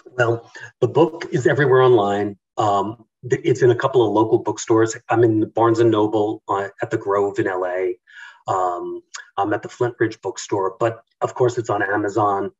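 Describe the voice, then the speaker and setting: A male author talking in an interview, halting, with many fillers and restarts. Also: lowish voice, fairly even intonation, far from the mic, highs cut off. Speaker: author guest. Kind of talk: casual interview talk.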